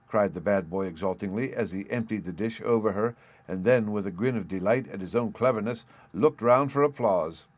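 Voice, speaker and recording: A man reading a storybook aloud as an audiobook narrator, in a calm, even manner. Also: low-pitched, dry recording. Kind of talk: scripted narration.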